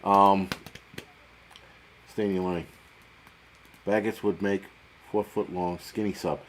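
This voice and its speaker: A man's voice: deep voice, little pitch movement, a little hiss or hum. A middle-aged man hosting a casual livestream, chatting with viewers in a rambling, profane, joking way. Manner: profane, rambling, jokey, quick swings in loudness. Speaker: livestream host. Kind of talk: casual livestream chat reading viewer comments.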